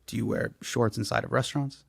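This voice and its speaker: A man's voice: medium pitch, steady tone, a little fast, gravelly, fairly bright tone, slightly rough, dry recording, clean studio sound. A man working as a comedian interviewer who teases his guest and coaches him in a playful way. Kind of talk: comic interview.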